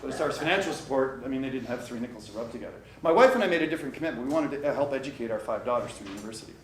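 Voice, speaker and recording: A middle-aged man giving a motivational workshop talk to a live audience, animated and addressing the crowd directly. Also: mid-range voice, rapid-fire. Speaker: coach and workshop speaker. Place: conference room with live audience. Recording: echoey room, distant mic, faint noise.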